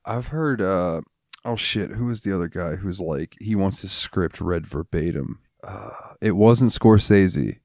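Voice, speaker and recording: A man with a fairly low voice chatting on a podcast, relaxed and rambling as he hunts for names. He laughs easily. The recording is close and dry. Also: unhurried, vocal fry, no echo. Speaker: podcast co-host. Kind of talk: casual chat.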